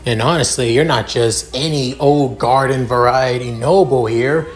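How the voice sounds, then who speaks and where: A man voicing a hot-tempered young male commoner student who shouts and swears with indignation. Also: mid-range voice, measured pace, soft background music, close to an everyday voice. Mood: contemptuous.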